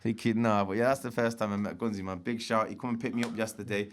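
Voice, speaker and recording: A man's voice: fairly low pitch, fairly even intonation, fast, slight background noise. A man, a guest telling street stories in a slangy, swearing style and acting out quotes. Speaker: interview guest. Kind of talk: casual storytelling.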